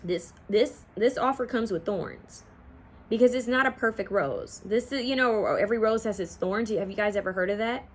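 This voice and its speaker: A chatty woman reads tarot cards in a loose, rambling way. Her voice sits at an ordinary middle pitch. Faint background noise runs under her home recording. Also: normal speed. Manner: chatty, rambling, sings song snippets. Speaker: tarot card reader. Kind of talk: casual pick-a-card tarot reading.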